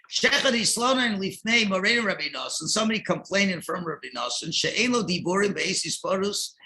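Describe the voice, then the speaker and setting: Male rabbi teaching text class, high lively gravelly voice, bright tone, reads then translates, bursts of emphasis. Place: synagogue.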